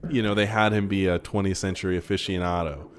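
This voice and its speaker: A man co-hosting a casual film commentary, chatty and quick to laugh, with excited asides. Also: sits low.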